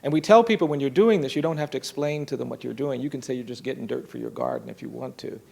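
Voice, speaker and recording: A man telling a story from his work in an earnest, measured way, voicing the people in it softly. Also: medium pitch. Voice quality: gravelly, husky. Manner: earnest, measured storytelling with soft quoted voices. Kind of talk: storytelling talk.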